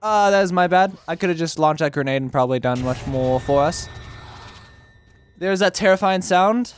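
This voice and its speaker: A man's voice: fairly high pitch, moderate pace. A man hosting a let's play with casual gameplay commentary, swearing and shifting into odd, playful inflections.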